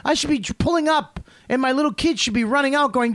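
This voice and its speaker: A man's voice: very high voice, expressive, fairly quick, hardly any pauses, sharp tone. A man, hosting a casual podcast and ranting and teasing with lots of swearing. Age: 40s. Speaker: host.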